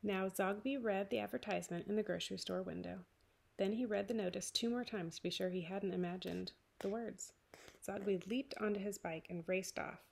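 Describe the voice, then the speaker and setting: A woman's voice: medium pitch, steady tone, a little fast, slight background noise. A woman teacher reading a picture book aloud to young children. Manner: clear, warm read-aloud narration for young children.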